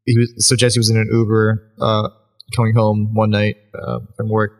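A man's voice: fairly low pitch, completely flat delivery, normal speed. A man co-hosting a comedy podcast in casual chat, rambling with lots of restarts, swearing and laughter. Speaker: podcast co-host.

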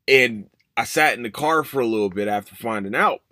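A man's voice: medium pitch, fairly quick, sharp tone, no room sound, studio quality. A man, hosting a podcast and telling a personal story in an emotional, rambling way that repeats itself. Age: 30s. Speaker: podcast host. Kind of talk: casual personal monologue.

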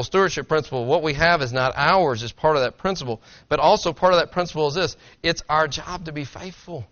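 Male pastor, earnest conversational sermon delivery, slightly high bright voice, lo-fi church recording. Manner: earnest, conversational preaching with rhetorical questions. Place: church sanctuary.

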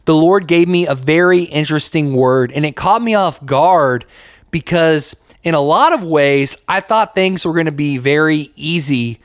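On the high side and smooth, this young American's voice moves at a moderate pace as he hosts a casual Christian podcast, conversational and full of "like" fillers and acted-out quotes. The recording is dry and studio quality.

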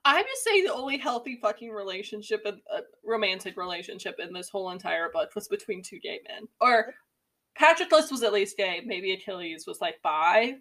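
A woman's voice: medium pitch, fairly quick. A young woman in a casual book chat, talking bluntly and swearing often. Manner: blunt, profane, animated. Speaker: podcast co-host.

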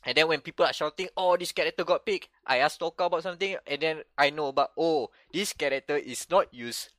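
A man chatting on a gaming podcast with a bright, slightly high voice. He tells stories animatedly, restarting phrases as he goes. The sound is dry and close. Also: fast, no room sound. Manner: animated storytelling with frequent restarts. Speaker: podcast co-host. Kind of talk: casual chat.

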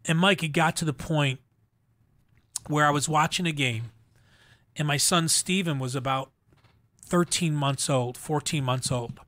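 A middle-aged man telling his personal testimony as an interview guest, in an earnest, halting way with frequent restarts. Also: fairly high pitch, a bit bright, no room sound. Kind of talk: emotional personal story in a faith interview.

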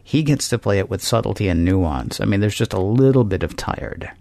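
A man's voice: fairly low pitch, lively intonation, brisk, gravelly, darkish tone, no echo. Rambling, joking man co-hosting. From Tennessee. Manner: rambling, joking, often laughing, hesitant restarts. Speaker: podcast co-host. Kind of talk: casual discussion.

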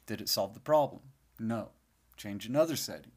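A man's voice: fairly low pitch, normal speed. A man hosting his own podcast in a casual, rambling monologue, sleepy and yawning, swearing freely now and then. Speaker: podcast host.

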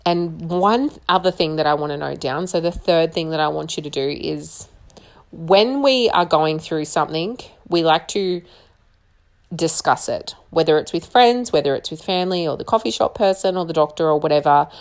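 Low-voiced earnest woman giving advice. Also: normal speed. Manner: earnest, encouraging, conversational with restarts. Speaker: single mother sharing advice. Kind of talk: personal advice talk to camera.

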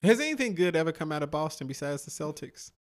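Rambling animated man chatting on a podcast. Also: a little high, quick pace. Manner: rambling, loose and profane, lots of "like" and "man". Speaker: podcast co-host. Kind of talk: casual chat.

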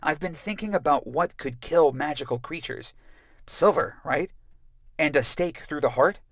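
A man's voice: on the high side, normal speed, a bit bright, dry recording, clean studio sound, pitched above the performer's own voice. A man voicing a cocky, reckless young boy in an audiobook. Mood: eager. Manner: eager, cocky.

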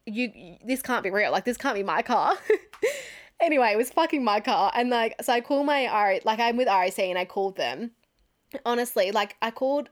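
A young Australian woman in her twenties hosting a podcast, telling a story in a chatty way, swearing freely and laughing often. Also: medium pitch. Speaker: podcast host. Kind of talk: casual storytelling monologue.

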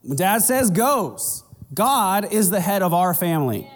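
A man's voice: high voice, very animated, measured pace, long reverb tail. A man preaching a sermon as the pastor, speaking conversationally and raising his voice when he acts out little exchanges with churchgoers.

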